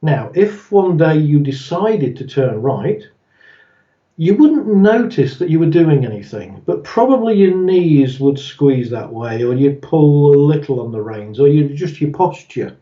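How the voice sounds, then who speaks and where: A man talks as an interview guest, telling little stories to explain his ideas and chuckling as he goes. His voice sits fairly high but sounds mellow and soft-edged. The recording is dull and roomy, as if the mic were across the room. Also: animated, a little slow, recorded from a distance. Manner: chuckles often, acts out quoted voices in stories.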